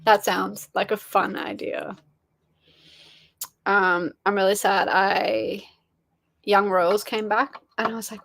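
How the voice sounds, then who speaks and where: A woman's voice: medium pitch, fairly even intonation, a little slow, gravelly, a bit bright. A young woman, hosting a casual livestream, rambling and swearing casually while chatting with viewers. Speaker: livestream host. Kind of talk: casual chat reading live chat.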